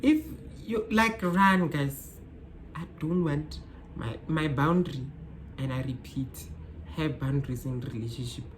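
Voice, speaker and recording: A young woman with a South African accent chatting casually to her phone camera. Her voice sits notably low, and she talks emphatically, repeating her points and turning to her viewers directly. A faint hiss of noise sits under her voice. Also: unhurried. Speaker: vlogger. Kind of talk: casual advice chat to camera. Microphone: phone camera mic.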